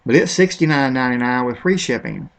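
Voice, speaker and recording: Gravelly and mid-range, his voice moves fairly quickly as he offers loose, rambling thoughts on a product comparison in a screen recording. He's offhand about it and hesitates over pronunciations.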